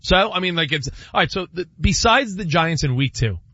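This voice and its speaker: A man co-hosting a casual sports talk show, animated and teasing as he goes through a team's schedule. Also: sits high, moderate pace, no echo, lo-fi sound. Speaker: sports radio co-host.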